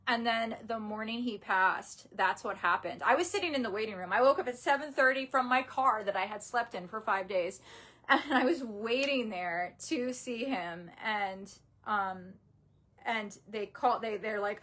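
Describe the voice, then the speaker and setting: A young woman with a slightly high voice talks through a painful story, grieving and near tears. She stops and restarts often, her words halting and upset. It sounds like a raw personal vlog. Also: a bit bright. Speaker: vlogger.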